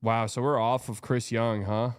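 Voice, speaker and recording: A man hosting a live watch party, reacting excitably to plays and chatting between them. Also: mid-range voice, moderate pace, clear, resonant tone, no echo. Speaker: show host.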